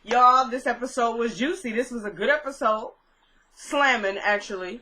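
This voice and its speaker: A young woman chatting through a casual recap of a TV episode, retelling scenes in an animated way with lots of fillers. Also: fairly high pitch, moderate pace, poor audio. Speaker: TV episode reviewer.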